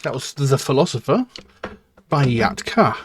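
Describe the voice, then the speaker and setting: A man hosting a music reaction channel, thinking aloud in casual commentary, with many pauses and fillers as he muses over a track. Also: mid-range voice, animated, slightly rough.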